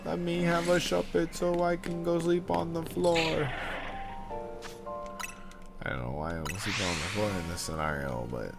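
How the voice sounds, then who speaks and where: Over game music, a young man chats casually while playing on a livestream, rambling from joke to joke, swearing freely, and calling his viewers dude. His voice is on the high side and creaky, with lively intonation, normal speed, and long pauses.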